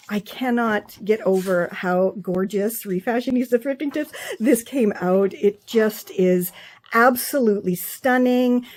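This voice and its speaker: A woman's voice: a little high, a little mellow. Gushing, emotional woman vlogger. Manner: gushing, effusive, trails off and restarts. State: emotional, near tears. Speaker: refashion vlogger showing her books. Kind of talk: excited casual show-and-tell.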